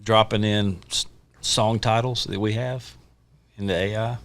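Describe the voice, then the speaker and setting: A man co-hosting a podcast, chatting casually in a relaxed, joking way. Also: on the low side, measured pace. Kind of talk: casual chat.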